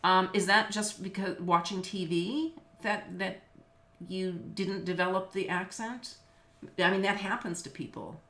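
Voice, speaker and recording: A woman's voice: mid-range voice, a little slow, bright, forceful tone. A middle-aged woman from Los Angeles who teaches business law, chatting casually on a video call, with lots of fillers and easy laughs. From Los Angeles, United States. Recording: echoey room.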